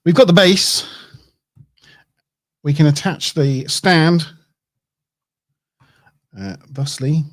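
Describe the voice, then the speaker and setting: Slow, easygoing man thinking aloud. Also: fairly high pitch. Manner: thinks aloud, chuckling and self-correcting as he works. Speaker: streamer. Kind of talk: casual livestream chat while building models.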